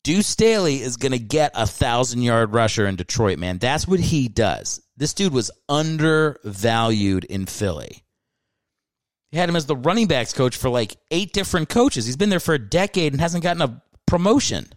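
A man's voice: medium pitch, big pitch swings, moderate pace, dry recording, clean studio sound. A man hosting his own podcast, ranting casually with profanity and self-mocking asides. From Philadelphia area. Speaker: podcast host. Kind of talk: casual solo podcast rant.

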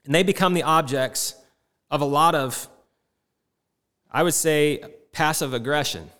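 A man's voice: fairly high pitch, a little slow, fairly bright tone. A middle-aged man preaching a sermon with impassioned, rising and falling delivery. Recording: long reverb in a hall.

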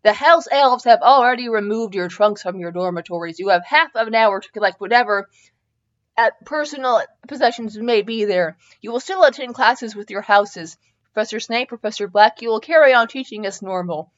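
A woman voicing a calm, grave old male wizard headmaster who speaks in a slow, measured way. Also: on the high side, highs cut off, natural voice.

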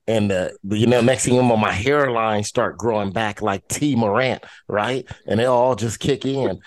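A man co-hosting a podcast, telling a story in casual, profane talk, jumping into higher voices to quote people. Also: no echo. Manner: animated storytelling, profane, swings into high mimicking voices. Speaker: podcast co-host. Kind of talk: casual chat.

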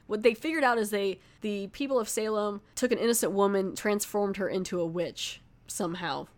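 Speaking briskly in a mid-range voice with few pauses, a female movie reviewer loosely retells the plot of a horror film. It's a rambling spoken recap packed with fillers, "like" cropping up again and again.

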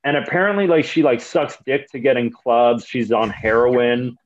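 This clip features a comedian guest, a young man from Canada, spinning long-winded, foul-mouthed tales during a relaxed podcast conversation. He speaks at a normal speed in a mid-range voice, recorded with lo-fi sound, and his storytelling is lively and rambling.

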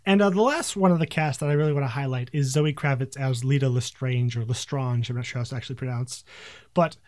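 A man's voice: mid-range voice, fast, darkish tone, no echo, studio quality. A man co-hosting a casual film review podcast, talking with enthusiasm and stumbling restarts. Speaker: podcast co-host.

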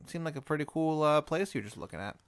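A man voicing an eerie male spirit with a smoke face, speaking softly and politely with a quiet menace. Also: a little high, animated, quick pace, no echo, pitched above the performer's own voice. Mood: quietly menacing. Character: eerie male smoke-faced spirit, glowing red eye.

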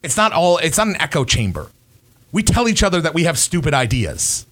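A man hosting a podcast, talking casually and warmly about his group, rambling a little and swearing now and then. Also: a little high, big pitch swings, a little fast. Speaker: podcast host.

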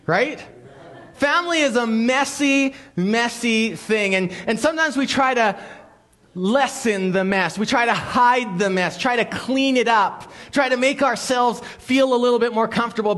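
A man preaching a sermon as a pastor, telling stories with quick restarts and playful quoted voices. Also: extremely high pitch, lively intonation, fairly bright tone.

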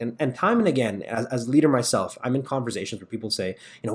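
A man from Canada, a guest on a podcast, talking fast and emphatically about leadership and asking rhetorical questions. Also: medium pitch, lively intonation. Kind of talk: casual podcast conversation.

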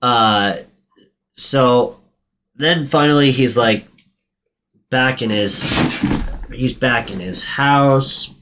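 A man in casual conversation, retelling a movie plot with lively gusto. He swears freely and jumps into squeaky voices for the characters, while his throat sounds a bit worn. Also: very slow, pauses often, a little hiss or hum. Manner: animated storyteller, swears, acts out quotes in a high voice. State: sore throat. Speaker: podcast co-host recapping a film. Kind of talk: casual chat.

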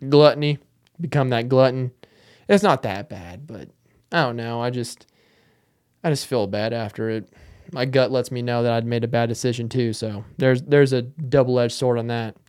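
A man's voice: medium pitch, normal speed, darkish tone. Young man rambling jokingly on a podcast. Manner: joking, rambling, self-mocking. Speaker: podcast host. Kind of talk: casual solo monologue.

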